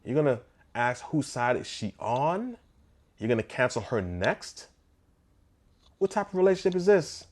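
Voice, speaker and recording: A man, a photographer, telling a story in a casual storytime vlog, animated and conversational with bits of mock disbelief. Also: mid-range voice, normal speed, long pauses.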